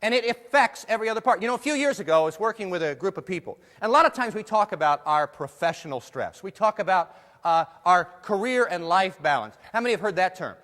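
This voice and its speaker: Male keynote speaker, jokey and engaging with the crowd, high voice, lots of hall reverb. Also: lively intonation, fast, few pauses, fairly bright tone. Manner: playful, jokey, asks the audience questions. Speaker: motivational speaker. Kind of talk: humorous keynote talk to a live audience.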